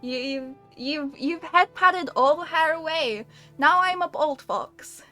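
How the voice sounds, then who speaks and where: A woman's voice: high voice, takes it slowly, sharp tone, no echo, soft background music. A woman streamer chatting live with her viewers, playful and giggly, laughing often between lines.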